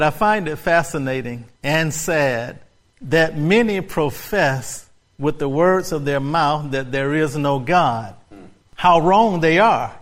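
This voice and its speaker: Fervent preacher man, slightly high voice. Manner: builds to fervent, rising exclamations and repeated phrases. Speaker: pastor. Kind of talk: sermon.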